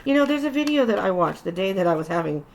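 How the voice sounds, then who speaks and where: Female tarot reader, gravelly voice, relaxed chatty reassuring delivery, casual vlog. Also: medium pitch, quick pace, background noise. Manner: chatty, reassuring, with frequent restarts. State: tired.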